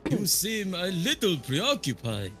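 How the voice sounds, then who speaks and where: A man's voice: high-pitched, wildly swooping pitch, a little slow, sharp tone, soft background music, exaggerated voice. A man doing a teasing, suave vampire. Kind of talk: reading game dialogue aloud on a stream.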